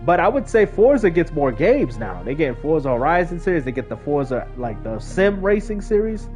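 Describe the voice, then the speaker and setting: A man's voice: fairly high pitch, normal speed, few pauses, music in the background. A man streaming a game, chatting casually with his chat and using slang. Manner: animated, talks to chat in slang. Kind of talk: casual live-stream commentary.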